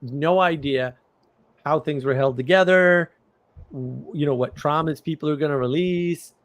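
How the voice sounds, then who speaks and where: A man's voice: on the high side, a little slow, lo-fi sound. A middle-aged man hosting a livestream, telling rambling stories in casual chat with bursts of laughter. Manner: rambling, animated storytelling with laughs. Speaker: livestream host.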